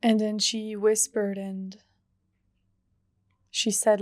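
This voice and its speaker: Young female podcast host, earnest and unhurried, dry close sound. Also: medium pitch, steady tone, dry recording. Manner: soft, earnest, heartfelt, with drawn-out pauses. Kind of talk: reflective solo podcast monologue.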